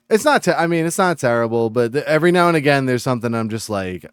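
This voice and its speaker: Smooth-voiced man ranting on a live stream. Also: mid-range voice, moderate pace, pauses often, no room sound. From Massachusetts. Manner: animated ranting, reading chat aloud. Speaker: game streamer. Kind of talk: casual live-stream chat.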